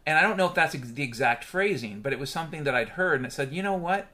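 A man's voice: medium pitch, lively intonation, fast, pushed and bright. A man hosting his own podcast in a candid, rambling monologue with frequent swearing. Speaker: podcast host.

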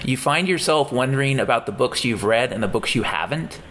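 Guy rambling thoughtfully, lots of ums, middle-pitched ordinary voice. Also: expressive, brisk, fairly bright tone, a little hiss or hum. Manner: hesitant, many restarts and fillers. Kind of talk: casual chat.

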